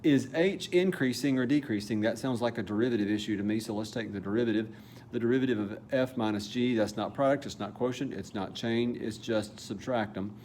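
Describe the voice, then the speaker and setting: A man's voice: medium pitch, fairly quick, a little mellow, a little hiss or hum. A man teaching a calculus problem step by step in a casual, thinking-aloud way, now and then correcting himself. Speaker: math teacher. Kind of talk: calculus lesson walkthrough.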